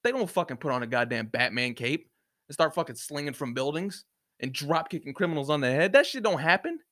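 A fairly high-pitched man with a sharp tone talks briskly and expressively on his solo podcast. He rants in an opinionated, heated way, swearing and using sarcasm to poke fun at other people's viewpoints.

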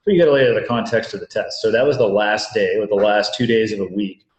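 A man calmly explaining as a guest, measured and precise. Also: lowish voice, dull audio. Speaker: former dive instructor guest. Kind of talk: casual interview chat. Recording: echoey room.

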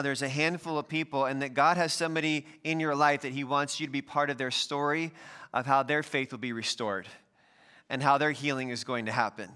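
A man's voice: mid-range voice, bright, forceful tone, clean tone. A man preaching as pastor in a friendly, conversational way, addressing the congregation directly. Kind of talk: sermon.

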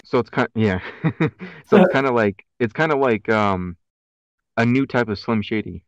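A man's voice: mid-range voice, lively intonation, normal speed, no echo, highs cut off. A man with a country twang mixed with city slang, chatting casually as a podcast co-host and rambling through many fillers and restarts. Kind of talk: casual chat.

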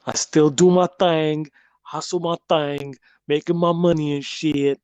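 A man's voice: on the high side, fairly even intonation, measured pace, a little mellow, clear, resonant tone, no echo. A man with a British accent hosting a call-in live stream, swearing and joking in rowdy banter. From England. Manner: profane, joking, mock-aggressive.

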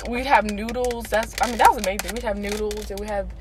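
A woman's voice: medium pitch, fairly even intonation, fast talker, noisy background. A young woman co-hosting a podcast among friends, telling stories in a rambling, filler-heavy way. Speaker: podcast co-host. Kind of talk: casual chat among friends.

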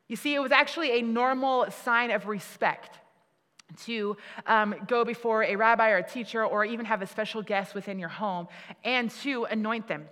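In a long hall reverb, a woman preacher gives a conversational sermon, often laughing at herself, restarting sentences and leaning on fillers. Her voice sits in the mid-range and is a bit bright.

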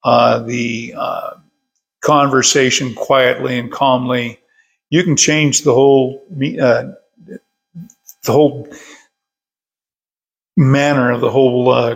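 A man's voice: mid-range voice, creaky, fairly bright tone. An older man leading a casual Bible study from his workshop, folksy and chuckling as he tells stories.

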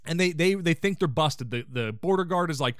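A man hosting a podcast, recapping a sitcom episode in casual chat and quoting the characters in quick put-on voices. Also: a little high, lively intonation, clear, resonant tone, no room sound, clean studio sound. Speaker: podcast host.

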